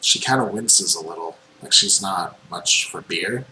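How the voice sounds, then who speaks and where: A man running a tabletop game as game master, describing scenes in unhurried narration with frequent ums. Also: low voice, sharp tone. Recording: echoey room with faint noise.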